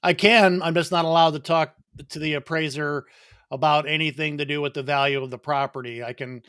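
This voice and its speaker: Man, guest, smooth voice, dry close sound, measured. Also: a little high, steady tone, fairly bright tone, no room sound. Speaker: loan officer guest. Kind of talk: casual explanatory answers.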